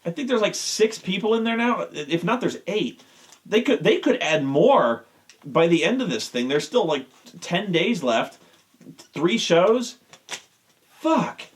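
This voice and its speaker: A man's voice: sits high, sing-song, unhurried. A man hosting a show, ranting with exasperation and heavy swearing. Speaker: show host. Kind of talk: profane rant.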